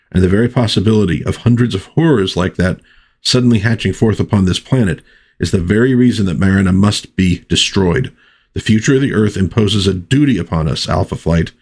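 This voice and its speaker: A man's voice: low-pitched, a little mellow, husky. A man reading aloud the lines of a noble, anguished female sea creature from a comic book.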